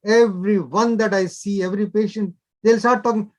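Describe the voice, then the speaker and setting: Older male doctor, high voice. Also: fairly even intonation, moderate pace. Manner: instructive, short repeated directives. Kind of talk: explanatory interview talk.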